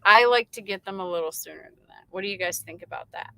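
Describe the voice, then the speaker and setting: A woman's voice: mid-range voice, quick pace, sharp tone, smooth, no room sound, rough recording. A woman, a truck driver, chatting casually on a late-night livestream and reading out viewer comments, rambling with lots of fillers.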